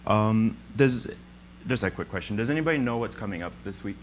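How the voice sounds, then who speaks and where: A young adult man, guesting at a church, tells a story in an informal sermon with a fairly low, expressive voice at a slightly fast pace. He's chatty, says "um" a lot and laughs often. The recording is low quality with slight background noise.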